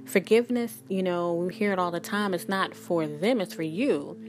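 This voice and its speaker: Woman, deep low voice, blunt, profane, rambling spiritual vlog talk. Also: moderate pace, music in the background. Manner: blunt, emphatic, swears freely; rambling, many restarts and "like". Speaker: spiritual reader and energy worker.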